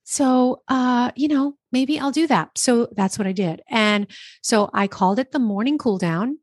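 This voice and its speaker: Woman from New Jersey, podcast guest; chatty, animated storyteller, dry close mic. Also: fairly high pitch, a little slow, no echo. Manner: chatty, animated, lots of quoted self-talk. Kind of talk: casual interview storytelling. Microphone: podcast microphone.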